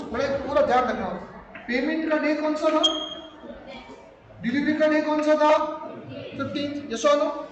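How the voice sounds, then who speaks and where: A man with an Indian accent, pitched high for a man, teaches a law class in a large lecture room and keeps firing questions at his students. His voice rings through a big echoing hall with a long tail, and the murmur of the class is clear behind him. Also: fast talker, crowd noise. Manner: mixes Hindi phrases, keeps quizzing the class.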